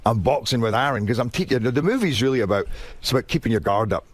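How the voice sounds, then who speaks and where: A Scottish man, an actor guest, chatting in a radio interview with quick restarts and animated storytelling. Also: mid-range voice, dry recording. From Scotland. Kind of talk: casual radio interview chat.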